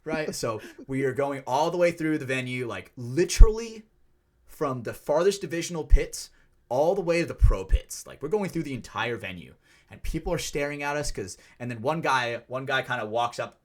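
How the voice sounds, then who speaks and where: Profane, animated man telling a story. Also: medium pitch, moderate pace. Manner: animated, profane, acts out quotes. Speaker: podcast co-host. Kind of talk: casual storytelling.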